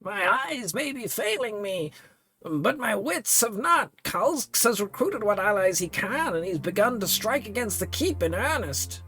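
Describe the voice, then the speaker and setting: Man doing a wary old priest, high-pitched. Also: very animated, unhurried, sharp tone, heavily acted, low-quality recording. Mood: wry, worried. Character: aging male priest, failing eyes, sharp-witted and wary.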